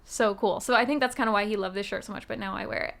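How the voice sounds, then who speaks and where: A woman's voice: medium pitch, fast talker, vocal fry. A woman streaming live, chatting casually with her viewers in a rambling way, with many "um"s and "like"s. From United States. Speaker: musician streamer. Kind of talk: casual livestream chat, answering chat.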